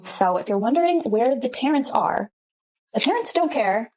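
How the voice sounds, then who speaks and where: A woman's voice: on the high side, animated, moderate pace, a little mellow, rough recording. A woman makeup artist telling a casual storytime in a blunt, matter-of-fact way.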